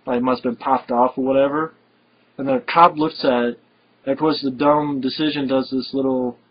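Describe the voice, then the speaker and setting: A man's voice: medium pitch, steady tone, normal speed, slightly rough. A man talking casually and enthusiastically about an action movie he loves, rambling with many fillers. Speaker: film reviewer. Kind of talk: casual film review chat. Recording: dull lo-fi recording.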